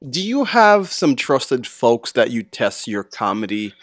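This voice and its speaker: A man hosts an interview with short, affirming questions. He speaks slowly in a mid-pitched voice. The sound is dry and close. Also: big pitch swings, a bit bright, no room sound. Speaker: interview host. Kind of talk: casual interview.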